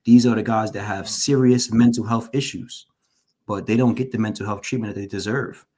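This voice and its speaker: A man's voice: on the low side, steady tone, fairly quick, dark tone. Earnest man giving shaken testimony. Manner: earnest, repeats phrases for emphasis; openly shaken while recounting. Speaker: guest, formerly incarcerated. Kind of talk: personal testimony in an interview.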